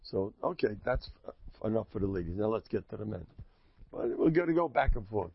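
Religious speaker: a man with a husky, gravelly voice, preaching emphatically and cracking jokes. Lo-fi recording. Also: fairly low pitch, expressive, a little fast, dry recording. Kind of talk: sermon. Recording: lo-fi dull recording.

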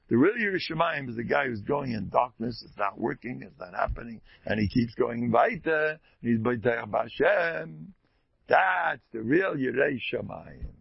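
A man's voice: mid-range voice, creaky, breathy edge, no echo. A man giving an emphatic Torah sermon as a rabbi, retelling stories and repeating key lines for weight. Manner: emphatic, repetitive storytelling. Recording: dull lo-fi recording.

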